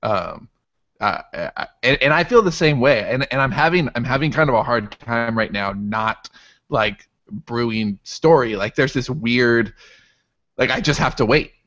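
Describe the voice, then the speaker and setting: A man's voice: mid-range voice, lively intonation, moderate pace, fairly bright tone, lo-fi sound. A man co-hosting a podcast, talking in an enthusiastic, rambling casual way. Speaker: podcast co-host.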